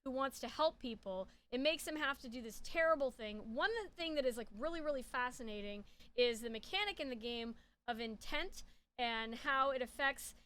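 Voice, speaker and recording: A woman's voice: sits high, expressive, moderate pace, a bit bright, clean tone. A woman giving a casual spoken analysis of a video game character. She is chatty and rambling, with many fillers.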